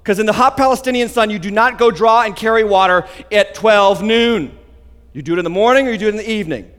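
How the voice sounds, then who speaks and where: A male pastor preaching a sermon in an animated, emphatic way with quick asides. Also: high voice. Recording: long hall reverb.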